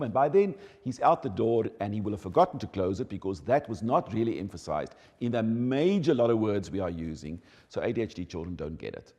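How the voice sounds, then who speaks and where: A man with a low, mellow voice explains in an animated, emphatic way, his pitch rising and falling widely. A long reverb trails each phrase, as if he is speaking in a large hall. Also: fairly quick, hardly any pauses. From South Africa. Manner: animated, emphatic teaching delivery. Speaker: educator on child development. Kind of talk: explanatory talk.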